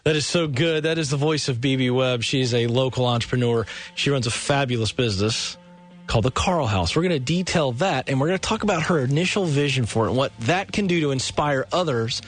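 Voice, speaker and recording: A man's voice: medium pitch, animated, a little fast. A man hosting a radio talk show, interviewing a guest with enthusiastic affirmations. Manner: enthusiastic, affirming, reads station promos.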